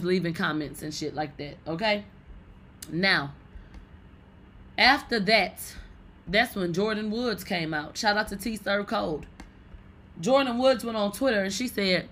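A woman hosting a casual celebrity gossip show, blunt, profane and animated. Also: mid-range voice, a little hiss or hum.

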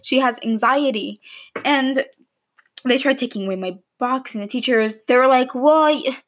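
A woman's voice: high voice, normal speed. Chatty young woman telling a storytime. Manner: chatty, animated, mimics teachers in quoted lines. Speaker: vlogger. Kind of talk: casual storytime chat to camera. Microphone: camera mic, speaking to camera.

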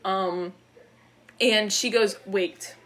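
Animated woman recapping a movie plot. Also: medium pitch, normal speed. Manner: animated storytelling, acts out characters' lines, many "like" fillers. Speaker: podcast co-host recapping a film. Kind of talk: casual chat. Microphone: studio microphone.

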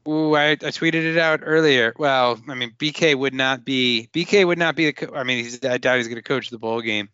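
A man hosting a casual sports podcast, reading listener questions in an animated, jokey way with quick restarts. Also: mid-range voice, clear, resonant tone, no room sound, lo-fi sound.

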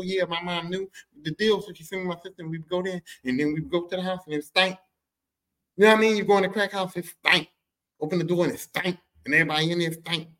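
High-voiced man telling a profane story. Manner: animated, profane, shifts into character voices. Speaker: podcast host. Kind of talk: comic personal storytelling.

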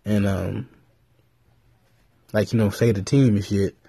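A man vlogging in a rambling, profane, animated way, retelling stories with frequent restarts. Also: on the low side, slow pace, gravelly, breathy edge, no echo. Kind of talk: casual commentary.

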